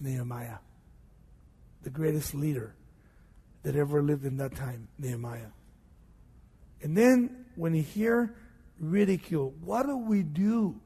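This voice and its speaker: Man, preacher, husky voice, sermon, hushed lows to loud peaks, rhetorical questions. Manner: asks and answers rhetorical questions. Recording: long hall reverb.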